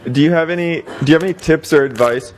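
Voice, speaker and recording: A man in the audience asking a magician questions, halting and restarting his sentences. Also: fairly high pitch, a little hiss or hum.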